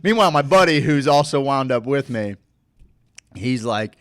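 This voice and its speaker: A man's voice: medium pitch, expressive, normal speed, fairly bright tone, no echo. A man with a Midwestern American accent telling a long, profane, rambling story as host of a casual live show.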